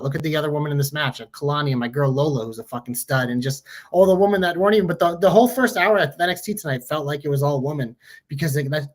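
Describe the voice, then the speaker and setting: A man co-hosting a podcast, chatting casually and excitedly about wrestling with frequent swearing. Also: fairly high pitch. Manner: excited, profane, enthusiastic. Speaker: podcast co-host.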